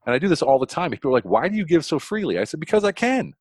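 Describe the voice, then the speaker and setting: Fast-talking, enthusiastic American man. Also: sing-song, a little mellow, slightly rough, dry recording. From United States. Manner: fast, enthusiastic, frequent restarts, jumps high in pitch for emphasis. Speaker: podcast guest, consultant. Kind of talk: animated storytelling interview.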